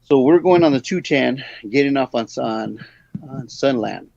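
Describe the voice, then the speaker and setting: A man's voice: medium pitch, unhurried, creaky. A middle-aged man telling a long story in a casual, rambling way and acting out the other people's lines. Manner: rambling, animated, acts out the voices in his story. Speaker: guest storyteller. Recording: dull lo-fi sound.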